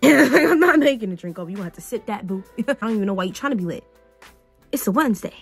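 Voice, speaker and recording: Young woman, vlogger storytime, sassy and animated, slangy, faint music behind. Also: mid-range voice, racing, gravelly. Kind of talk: storytime chat while getting ready.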